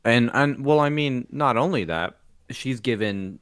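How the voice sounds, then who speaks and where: A man co-hosting a casual TV episode review, easygoing and quick to laugh, with lots of fillers. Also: medium pitch, animated, a bit bright, clear, resonant tone, no room sound, studio quality. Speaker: co-host.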